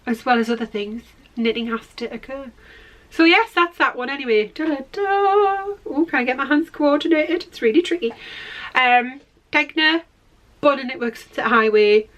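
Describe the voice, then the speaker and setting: A woman's voice: sits high, moderate pace, fairly bright tone. A middle-aged woman hosting a knitting podcast, rambling and self-deprecating in casual chat while showing her work to the camera.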